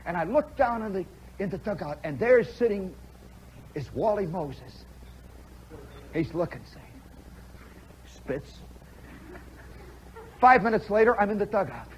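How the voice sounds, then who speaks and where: A man's voice: sits high, expressive, measured pace, pauses often, a little hiss or hum. A middle-aged man hosting a live radio show, telling a story animatedly to an audience and mimicking play-by-play. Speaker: radio host. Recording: dull 1960s radio broadcast recording.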